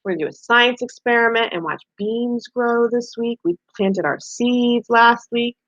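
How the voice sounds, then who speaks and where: Teacher type: gentle woman reading to small kids over a muffled, dry home recording. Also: a little high, moderate pace, no room sound. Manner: gentle, explains picture cards and reads aloud. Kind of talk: distance-learning lesson for young children.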